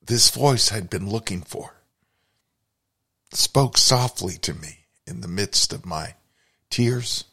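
Man, podcast host, personal story told slowly, husky low voice, reflective. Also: animated, pushed and bright. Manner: reflective, confessional.

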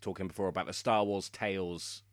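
A man's voice: sits low, fairly even intonation, brisk, no room sound, studio quality. A man co-hosting a podcast, explaining lore in casual chat and laughing often. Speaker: podcast co-host.

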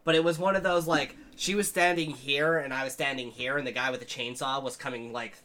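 A man's voice: mid-range voice, fairly even intonation, a little fast, bright, forceful tone. A man co-hosting a podcast, telling rambling, profane stories in casual chat. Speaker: podcast co-host.

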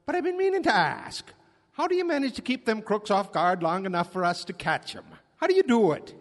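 An actor playing a cheery, bumbling police chief in a live radio play, guessing in a slow, folksy way. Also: male voice, sits high, big pitch swings, long reverb tail.

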